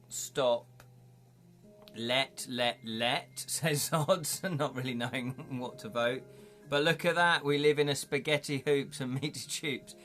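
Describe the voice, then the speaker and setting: This medium-pitched, somewhat bright male voice belongs to a jovial live streamer. He narrates an interactive game story, chats with viewers, and reads their comments aloud.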